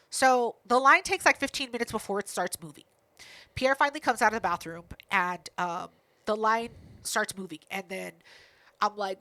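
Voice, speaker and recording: A woman with a high, bright voice tells a story on a podcast. Her delivery is brash, profane and animated. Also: moderate pace. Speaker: podcast co-host. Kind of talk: casual storytelling chat.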